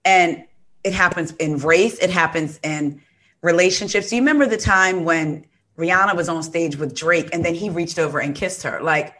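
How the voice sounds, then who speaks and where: Low-voiced woman in casual chat. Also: moderate pace, fairly bright tone. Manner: emphatic, chimes in with short agreements. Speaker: podcast co-host.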